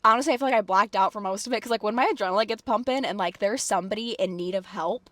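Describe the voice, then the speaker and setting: A woman vlogger telling a personal story in casual chat, animated and emphatic, filling her talk with "like". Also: medium pitch, dry recording. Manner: animated, fillers of "like" throughout; quick, emphatic retelling with acted quotes.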